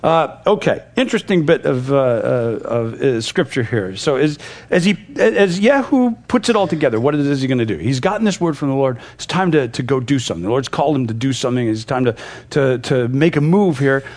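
Animated, conversational man teaching scripture. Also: medium pitch, fairly quick. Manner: conversational, retells scenes in lively paraphrase. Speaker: pastor. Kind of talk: verse-by-verse Bible teaching.

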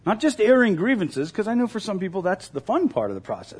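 A man's voice: high-pitched, very animated, fast talker, darkish tone, husky. A male pastor preaching a sermon in an earnest, emphatic way, repeating key phrases.

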